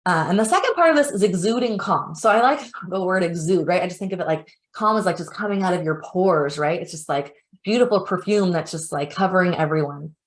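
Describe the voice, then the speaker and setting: A woman's voice: lowish voice, fairly quick, few pauses. A young woman presenting a parenting webinar in an informal teaching style. She is a parent herself and talks in a chatty way, full of "like" and "you know".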